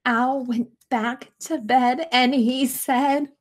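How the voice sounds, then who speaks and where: A woman's voice: high-pitched, steady tone, slow, hardly any pauses. A young woman reading a picture book aloud to children, stopping to ask them questions about the pictures. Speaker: school staff reader. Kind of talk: children's storytime read-aloud.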